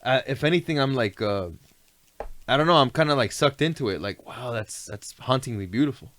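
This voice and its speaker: A man's voice: mid-range voice, lively intonation, brisk, a bit bright, no echo. A man telling stories in a laid-back, rambling way, often asking "you know what I mean". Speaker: guest. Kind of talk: casual storytelling chat.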